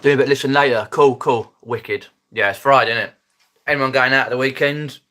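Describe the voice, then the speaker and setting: A man with a South East English Mockney accent talks off the cuff to his live stream viewers. His voice is mid-pitched and bright, with a forward edge. He rambles, stumbles and restarts, dropping his aitches as he goes. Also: fairly even intonation, a little fast, slight background noise. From Epsom, Surrey, England. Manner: rambling, hesitant, many ums and restarts, laughs often. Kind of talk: casual live stream chat. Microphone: phone.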